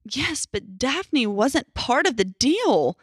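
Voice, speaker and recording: A woman voicing a quiet, imposing middle-aged father who murmurs his worries, in a horror story reading. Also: a little high, very animated, takes it slowly, slightly rough, dry recording, clean studio sound, pitched above the performer's own voice, full character voice. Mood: uneasy.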